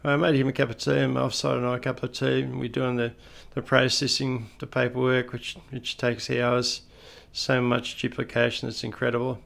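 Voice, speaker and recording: A man's voice: mid-range voice, little pitch movement, a little fast, gravelly, hardly any pauses, fairly bright tone. A middle-aged Australian man telling anecdotes in a casual, conversational way with folksy asides. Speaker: retired police officer storyteller.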